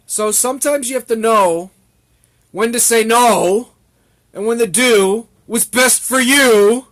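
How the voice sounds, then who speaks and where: A man's voice: very high-pitched, measured pace, a bit bright. A young man ranting to camera, exasperated and repetitive, with an annoyed, rambling manner. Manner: exasperated, ranting, repeats himself. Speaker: vlogger.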